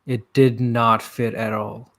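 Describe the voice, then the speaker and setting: Laid-back man chatting, mid-pitched. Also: level tone, slow pace, a bit bright. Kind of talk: casual chat about movie news.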